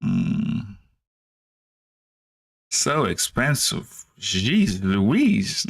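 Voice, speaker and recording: A man's voice: deep voice, expressive, unhurried, gravelly, a bit bright. A man casually talking to himself as he reads trading charts, muttering and dropping playful slang asides. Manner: mutters and talks to himself, hums. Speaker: trader streaming his charts.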